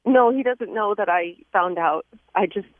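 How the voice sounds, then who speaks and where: A woman calling in to a radio advice show, speaking hesitantly and haltingly. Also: mid-range voice, no echo. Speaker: caller. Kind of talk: phone-in call. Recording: tinny phone line.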